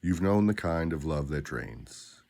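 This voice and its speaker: A man guiding listeners through spoken daily affirmations, with a slow, deliberate, grounded delivery and pauses between phrases. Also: a bass voice, animated, gravelly, darkish tone. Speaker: affirmation guide.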